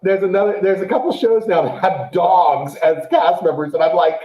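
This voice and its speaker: A man co-hosting a casual show, chatting animatedly about a TV series and acting out quotes in a high, excited voice. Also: moderate pace, reverberant, slight background noise, low-quality recording. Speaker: podcast co-host. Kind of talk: casual chat, show review.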